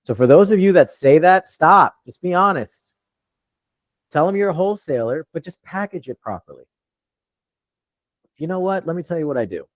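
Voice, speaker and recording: A man's voice: on the high side, sing-song, moderate pace, pauses often, dry recording. Cocky guy swearing his way through a live coaching q&a, dull dry lo-fi sound. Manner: blunt and profane, brash confidence. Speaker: real estate wholesaling coach.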